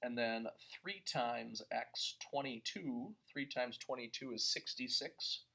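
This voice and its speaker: A man with a gravelly edge to his mid-range voice walks through a math lesson. He talks through each step out loud and works the sums as he goes. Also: medium pitch, slow pace. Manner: talks through steps aloud, thinking as he goes. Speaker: math teacher.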